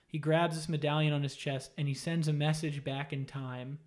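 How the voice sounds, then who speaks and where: A man with a slightly higher voice recaps a story in casual, animated chat. His delivery is loose and swears freely, and he slips into the characters' lines as he goes. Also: moderate pace. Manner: animated, profane storytelling with acted-out quotes. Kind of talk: casual retelling of a game story.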